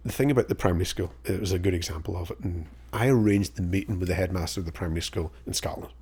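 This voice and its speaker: A husky, low-pitched man from Northern Ireland tells stories as a podcast guest. He is middle-aged and animated, and he plays out each side of an old exchange as he goes. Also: racing. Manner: animated storyteller, acts out both sides of old conversations. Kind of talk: casual storytelling interview.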